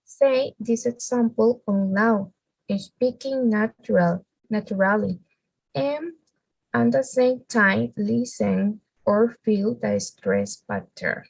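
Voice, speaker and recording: Non-native woman presenter, slow and gravelly, dry close sound. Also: fairly high pitch, big pitch swings, no room sound, poor audio. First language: Spanish. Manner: halting, with restarts and fillers. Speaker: student presenter. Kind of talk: reading a class presentation.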